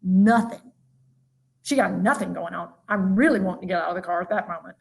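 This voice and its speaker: A woman giving a lively, emphatic motivational keynote, talking straight to her audience. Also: on the low side, fairly quick, vocal fry. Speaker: motivational speaker. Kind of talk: virtual keynote talk.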